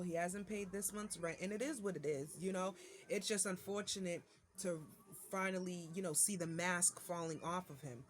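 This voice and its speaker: Woman, mother, venting vlog, irritated rant, lots of fillers and restarts, mid-range voice, faint noise behind. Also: mid-range voice. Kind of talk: casual venting monologue to camera.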